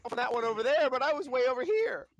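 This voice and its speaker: Lively sarcastic tabletop player. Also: sits high, fast talker, no echo. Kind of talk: casual tabletop play.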